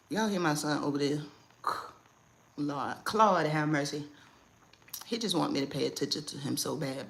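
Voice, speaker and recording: Woman host, lower-pitched, blunt and animated casual livestream chat from home. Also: vocal fry, a little hiss or hum. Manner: blunt, animated, laughs often.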